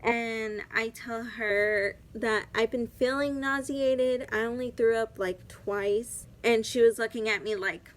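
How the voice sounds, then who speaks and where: A woman's voice: on the high side, steady tone, takes it slowly, hardly any pauses. A young woman talks through a personal story to her camera in a loose, casual storytime. Her speech is chatty and peppered with "like" fillers. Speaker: vlogger.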